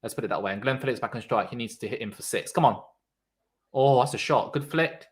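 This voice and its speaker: A young man calls a cricket match live for his stream viewers. He talks casually and reacts loudly to big shots. Between deliveries he chats with the people in his live chat. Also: mid-range voice, fast talker. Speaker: livestream cricket commentator. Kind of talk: casual live watchalong commentary.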